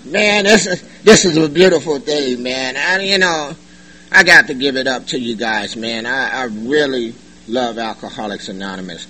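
A middle-aged man giving a personal testimony at a recovery meeting, animated and joking, in loose slangy talk. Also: mid-range voice, normal speed, low-quality recording. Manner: animated, joking, colloquial, laughs often. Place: meeting room.

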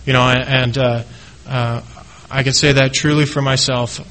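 A middle-aged man giving a personal testimony speech about his recovery. He talks earnestly and haltingly, with many restarts. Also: mid-range voice, level tone, fairly bright tone, rough recording. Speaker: speaker sharing his recovery story.

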